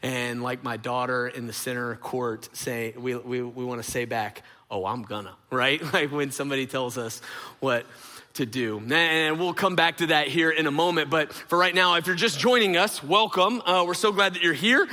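A middle-aged male pastor gives a relaxed, story-driven sermon in a fairly high, bright voice. He fills his sentences with "uh" and "right?" and talks directly to his listeners. His voice rings out with the long echo of a large hall. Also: normal speed. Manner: storytelling, filler-heavy, addresses audience directly. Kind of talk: conversational sermon.

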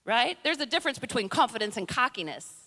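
A woman's voice: a little high, big pitch swings, quick pace, bright, forceful tone. A middle-aged woman preacher giving a sermon in a humorous, conversational way, full of playful impressions. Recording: long reverb in a large hall.

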